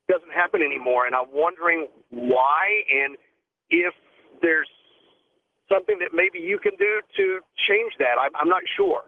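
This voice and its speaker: A man in his forties calls a radio show from his car, talking quickly and eagerly. He stumbles and repeats words as he goes. His voice comes through a thin, tinny phone line. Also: on the high side. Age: 40s. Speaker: caller. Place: car, driving.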